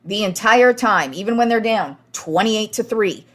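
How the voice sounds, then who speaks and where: A young woman hosting a sports podcast, talking casually and excitedly, swearing freely and acting out what players said. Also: mid-range voice, moderate pace. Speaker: podcast host.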